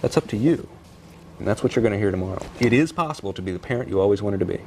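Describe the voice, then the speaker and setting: A man, a parenting author, talking in a TV news interview, energetic and animated, acting out what parents and kids say. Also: lowish voice, racing, a little hiss or hum. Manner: energetic, animated, acts out parent and kid voices. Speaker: parenting author and speaker, guest.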